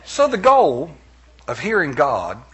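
A middle-aged man preaching a sermon as pastor, animated, with playful asides and acted-out quotes. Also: on the high side, slow, slightly rough.

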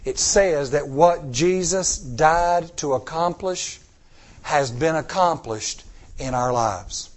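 A man preaching a sermon in an emphatic style, slowing down on key words and calling out to the congregation. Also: a little high. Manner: emphatic, slows down on key words, call-and-response. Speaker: pastor.

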